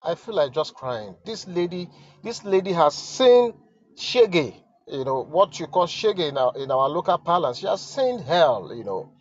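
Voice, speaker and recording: Stammering Nigerian man, higher voice. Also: very animated, lo-fi sound. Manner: halting and stammering, sighing, repeats himself. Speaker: online commentator. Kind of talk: emotional commentary reading a letter.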